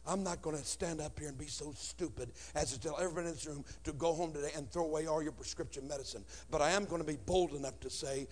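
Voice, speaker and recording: A man with a notably high voice delivers an emotional sermon to a congregation. He swings from hushed confession to shouting. It is a personal testimony with raw feeling. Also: quick pace, few pauses. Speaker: preacher. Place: before a congregation.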